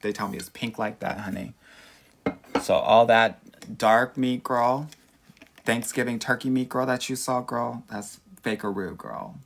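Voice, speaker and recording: Here a man's medium-pitched, gravelly voice comes through a bit bright at a moderate pace, with a little hiss or hum in the audio. Sassy and campy, he's a Valley-accented Southern California dating coach on a livestream, reading comments and addressing everyone as "girl."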